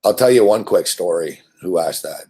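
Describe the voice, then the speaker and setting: A man's voice: sits low, lively intonation, normal speed, dark tone, husky. A man from Montreal, hosting and telling a rambling, profane story that keeps repeating itself. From Montreal, Canada. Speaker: host.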